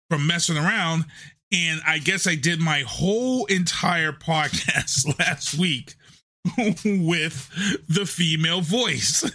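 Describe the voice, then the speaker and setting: Male podcast host, bright and fairly high voice, loose chatty delivery, home desk mic. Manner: chatty, loose, repeats himself. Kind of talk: casual live show talk. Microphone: desk USB microphone.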